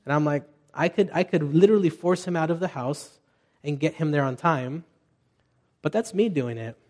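A man's voice: on the high side, normal speed, darkish tone. Conversational male pastor preaching. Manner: conversational, storytelling, with restarts and asides. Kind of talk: sermon.

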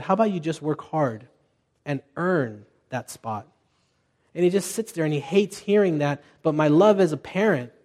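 A man's voice: a little high, a little mellow. A middle-aged man preaching a conversational sermon as pastor, telling family stories with restarts and asides.

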